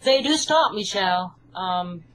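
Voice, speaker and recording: An English-accented woman, a hypnotherapist and author, answers interview questions in an earnest, reassuring manner. Her medium-pitched voice is expressive and unhurried, though the recording is rough.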